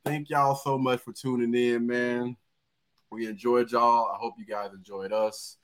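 A man hosting a casual podcast, laid-back and quick to laugh as he wraps up the show. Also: medium pitch, level tone. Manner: laid-back, laughs often, drawn-out sign-off. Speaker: podcast host.

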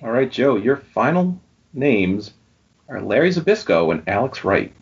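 A man's voice: mid-range voice, a little slow, husky. A man hosting a casual wrestling trivia quiz on a podcast, reading out the names and the answers. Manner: lively, reads out questions and answers. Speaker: quiz host. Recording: dull lo-fi sound.

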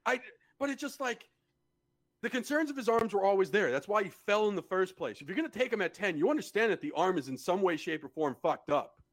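A man co-hosting a podcast, talking in a blunt, exasperated way and swearing freely. His voice sits a little high for a man, and he keeps it loose and conversational. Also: sing-song, fast. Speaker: podcast co-host. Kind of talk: casual chat.

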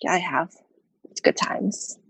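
A woman's voice: measured pace, a bit bright, no room sound, rough recording. A woman co-hosting a podcast, teasing and joking in casual chat. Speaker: podcast co-host.

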